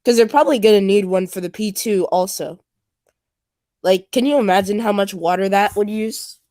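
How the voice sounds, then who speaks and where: A woman's voice: medium pitch, normal speed, mellow, no room sound. A woman in casual stream chat, rambling with lots of fillers. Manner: rambling, filler-heavy, nerdy train talk. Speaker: stream co-host.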